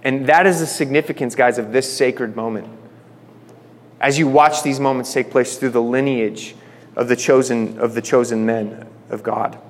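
A man casually teaching a Bible passage, reading verses aloud and then paraphrasing them in relaxed everyday slang. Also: medium pitch, normal speed, big-room sound.

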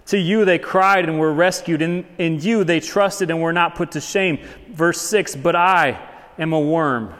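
A man with a fairly high voice preaches a sermon, reading scripture aloud and building to animated peaks. His voice rings with a long hall reverb, as if from a church sanctuary. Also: unhurried. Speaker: pastor.

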